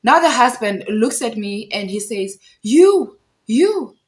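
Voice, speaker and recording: Animated woman telling a story. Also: mid-range voice, normal speed. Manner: animated, repeats phrases for emphasis. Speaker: storyteller vlogger. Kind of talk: casual storytime vlog.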